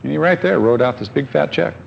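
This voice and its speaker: A man's voice: fairly high pitch, lively intonation, a little fast, creaky, lo-fi sound, slight background noise. A pastor preaching a conversational sermon, asking his congregation questions and telling stories.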